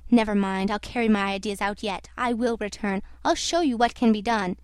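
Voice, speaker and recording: A woman's voice: mid-range voice, a little fast, smooth, no room sound, studio quality, lightly acted. A woman reading aloud, voicing a sick, furious man who rages at those around him. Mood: angry defiant. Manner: shouting, defiant. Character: ailing, furious man ivory trader.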